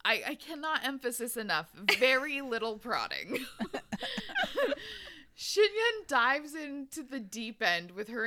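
A woman's voice: on the high side, bright, forceful tone. A woman hosting a podcast, recapping a story in casual chat and laughing and swearing freely. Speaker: podcast host recapping a romance novel.

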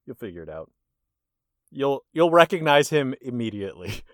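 A man hosting a casual movie quiz. He reads the answer options deliberately and teases his guest. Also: medium pitch, sing-song, fairly bright tone, no room sound, studio quality. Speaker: quiz host. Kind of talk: casual podcast chat.

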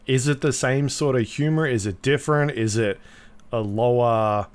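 A man's voice: medium pitch, normal speed. A man co-hosting a podcast, easygoing and full of questions as he chats. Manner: easygoing, asks lots of questions. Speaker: podcast co-host. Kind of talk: casual chat.

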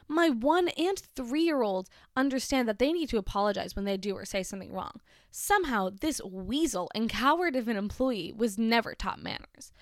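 A woman's voice: on the high side, expressive, moderate pace, no echo, clean studio sound. A woman from Massachusetts telling a story in a chatty, sarcastic way with lots of fillers, reading out a post and reacting to it. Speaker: commentator reading a social media post. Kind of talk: casual storytime commentary.

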